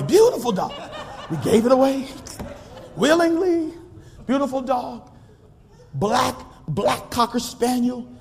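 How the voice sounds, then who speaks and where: Man preaching, very high voice, fiery call-and-response, shouts then tells stories, long reverb of a church hall. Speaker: pastor. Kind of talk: sermon. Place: church sanctuary.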